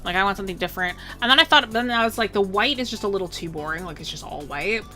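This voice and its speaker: A young woman streamer chatting casually, bubbly and rambling, full of "like" and quick laughs. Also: mid-range voice, sharp tone, soft background music. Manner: bubbly, rambling, heavy "like" filler, bursts of laughter.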